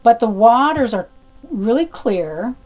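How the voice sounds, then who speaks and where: A middle-aged woman telling a personal story in a chatty, animated way, with fillers and restarts. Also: on the high side, slow.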